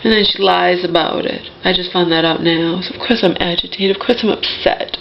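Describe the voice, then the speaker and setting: A woman's voice: fairly low pitch, steady tone, a little fast, vocal fry, dull audio, a little hiss or hum. A woman venting in an emotional personal monologue, agitated and restarting her sentences often. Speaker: vlogger.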